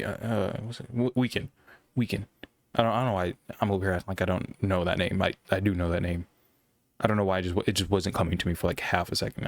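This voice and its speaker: A young man with a low, monotone voice rambles through a casual monologue about gaming. He stumbles and restarts often, and the sound is close and dry. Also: no room sound. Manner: rambling, halting with many restarts. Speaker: gaming commentator.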